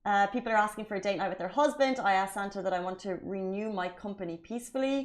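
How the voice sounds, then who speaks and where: Woman show host, quick speech, chatty and bubbly, studio. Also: mid-range voice. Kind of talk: lively news show banter.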